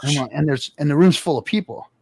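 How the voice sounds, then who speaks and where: Brief: male storyteller, gravelly, high-ish voice, dry close mic, animated. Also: quick pace, no room sound. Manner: animated, loud quoted voices, swears often. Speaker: podcast co-host. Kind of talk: casual storytelling chat.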